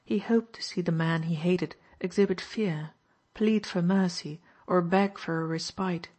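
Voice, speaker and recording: A woman narrating an audiobook in a steady, even reading voice. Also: fairly low pitch, a little slow. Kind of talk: scripted narration.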